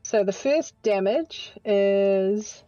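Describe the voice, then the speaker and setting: A woman's voice: mid-range voice, drawn-out words, dark tone, no room sound, muffled recording, soft background music. A woman playing in a tabletop game online, talking eagerly and stumbling over her words as she plans and describes attacks. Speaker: player.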